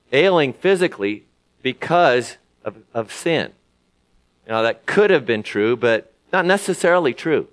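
A man preaching a sermon in a conversational way, often pausing with fillers and restarting his sentences. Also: a little high. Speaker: pastor.

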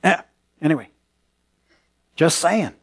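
A middle-aged male pastor preaching a sermon, telling stories in an animated way with quick laughs. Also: fairly high pitch, slightly rough.

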